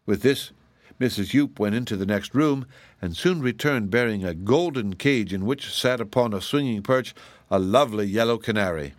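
A man reading a children's fantasy story aloud in a measured, clear way. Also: on the low side, no room sound. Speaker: audiobook reader. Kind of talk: storybook narration.

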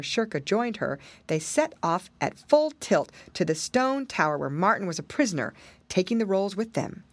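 A woman reading a fairy tale aloud in an expressive, measured storybook style. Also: on the low side, dry recording. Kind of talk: storybook narration.

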